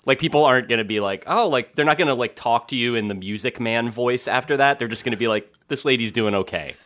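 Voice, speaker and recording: A man's voice: medium pitch, fast talker, a bit bright. Wry man on a video call. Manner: wry, self-deprecating. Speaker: podcast co-host. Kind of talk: casual podcast chat. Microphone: remote video call.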